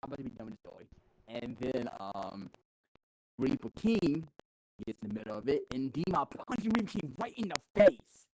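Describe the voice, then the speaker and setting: A man's voice: medium pitch, sing-song, moderate pace, darkish tone, poor audio. A man as a podcast guest telling a rambling, casual story, with restarts and chuckles.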